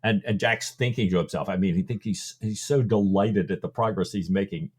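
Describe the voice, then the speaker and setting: A man co-hosting a book podcast, talking through the background of the story in a loose, conversational way. His voice is fairly low and a little husky. He leans on filler phrases as he works toward each point. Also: a little fast, a little mellow. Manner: conversational, many "you know" fillers, explains background. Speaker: podcast co-host.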